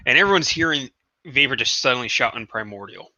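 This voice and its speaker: A man playing a tabletop game, talking in an animated way and laughing easily. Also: medium pitch, fast talker. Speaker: player. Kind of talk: casual tabletop play. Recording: dull, lo-fi, dry mic.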